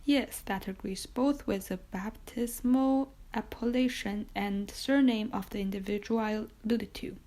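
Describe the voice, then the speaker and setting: A woman voicing a reserved male priest with an Italian accent in an audiobook reading, asking measured, probing questions. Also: mid-range voice, dark tone, lightly acted.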